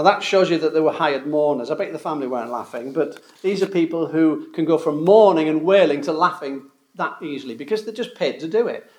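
A man's voice: fairly high pitch, darkish tone. A man preaching a sermon in an earnest, explanatory way, often restarting words, in a church hall. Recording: roomy echo.

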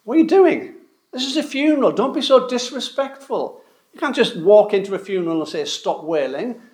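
An outraged mourner scolding an intruder at a funeral, voice jumping up high and sharp, as a preacher puts him on. The affronted questions ring out in a roomy, echoing space. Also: male voice, animated, a little fast. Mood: indignant. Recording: roomy echo.

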